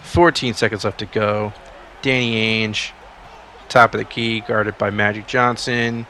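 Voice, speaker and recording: A man's voice: fairly low pitch, flat delivery, a little slow, pushed and bright, slight background noise. A man casually commentating a basketball video game, rambling between calls and rising sharply on big plays.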